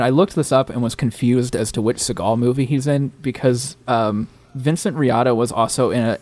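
A man's voice: medium pitch, darkish tone, no room sound. A man co-hosting a podcast in casual chat, eager and rambling with chuckling asides. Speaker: podcast co-host.

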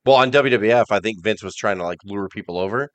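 A man's voice: lowish voice, fast talker, no room sound. A man co-hosting a wrestling podcast in casual chat, telling stories and acting out what others said. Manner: animated, acts out others' lines in a mumbling voice. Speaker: podcast co-host.

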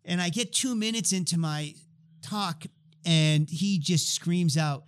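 A man's voice: on the high side, takes it slowly, clear, resonant tone. A man in his fifties, a guest expert, telling stories in conversation and acting out the dialogue. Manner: animated, acts out dialogue in stories. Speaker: guest expert on healthcare change. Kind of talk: conversational storytelling.

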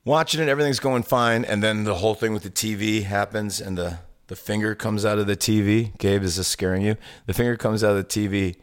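Brief: low-pitched male podcast co-host, lively storyteller, quick with a joke. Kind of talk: casual chat.

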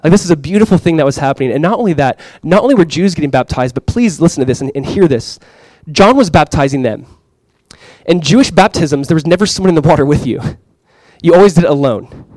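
A man preaching a sermon as pastor, casual and excited, full of restarts and "like"s. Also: a little high, fast talker, no room sound, poor audio.

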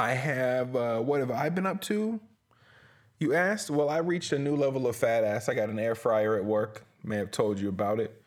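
A man's voice: mid-range voice, normal speed. A man hosting a solo podcast from a small closet, talking in a rambling, profane, self-mocking way. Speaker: podcast host.

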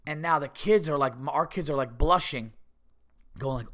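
Podcast host, middle-aged New man, slightly high voice with gravelly fry, loose rambling storyteller. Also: moderate pace. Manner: rambling, animated, with many restarts and mock voices. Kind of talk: casual storytelling.

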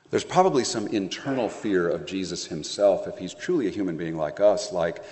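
A pastor preaching a conversational sermon, telling the story playfully with acted asides. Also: male voice, sits low, normal speed, hardly any pauses, a little mellow, in a large hall.

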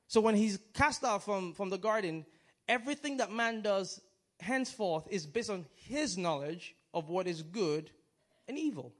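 Guy preaching, high voice, talks like a chat, stops n restarts a lot, asks the crowd stuff. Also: expressive, fairly bright tone. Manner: conversational, halting, with restarts and chuckles; asks the audience questions. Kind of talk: sermon.

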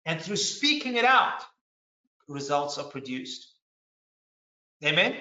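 Bright, high-voiced preacher in a roomy hall. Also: male voice, sing-song, slow. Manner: earnest, emphatic preaching with repeated restarts. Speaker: pastor. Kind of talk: sermon.

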